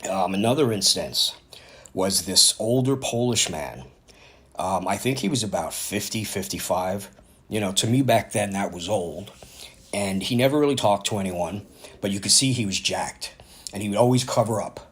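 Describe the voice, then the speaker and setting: A man's voice: fairly low pitch, normal speed. A man in his fifties casually telling a personal story, rambling and correcting himself as he goes. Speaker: vlogger.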